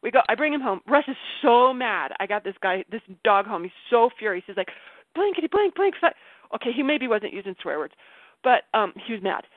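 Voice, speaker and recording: A woman's voice: mid-range voice, fairly quick, no room sound. Chatty woman on a group call, keeps laughing and restarting, dry tinny phone sound. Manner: animated, self-interrupting, laughs often. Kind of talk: candid personal storytelling. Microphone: video call.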